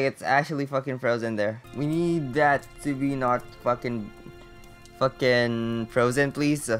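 A man's voice: mid-range voice, a bit bright. A young man giving casual let's-play commentary, bemused and thinking aloud, swearing often as he plays. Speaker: gaming YouTuber.

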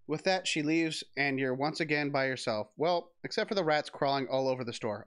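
Reading a text adventure's lines aloud on stream, a man giggles, swears and restarts his sentences in casual let's-play commentary. He talks a little fast with hardly any pauses, in a slightly high voice.

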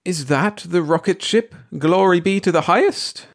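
A woman's voice: low voice, expressive, moderate pace, voice pushed up. A man voicing a small, fierce old woman who is indignant and insistent. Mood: appalled.

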